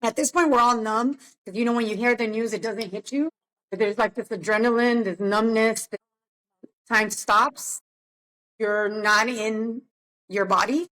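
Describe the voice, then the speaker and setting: A woman's voice: fairly high pitch, fairly even intonation, a little slow, fairly bright tone. A woman co-hosting a podcast, telling a personal story in a reflective, subdued way. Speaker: podcast co-host. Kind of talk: casual podcast chat.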